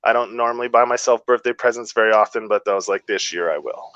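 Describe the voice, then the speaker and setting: A man's voice: on the low side, quick pace, a bit bright, clean tone, no room sound. Rambling male cohost, dry lo-fi sound. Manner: earnest, advice-giving, rambling. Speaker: podcast co-host. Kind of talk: casual chat. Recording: dry, slightly dull lo-fi audio.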